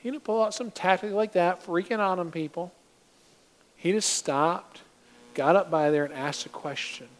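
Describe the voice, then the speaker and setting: A man preaching a sermon as pastor, animated and acting out little scenes in different voices. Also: on the high side.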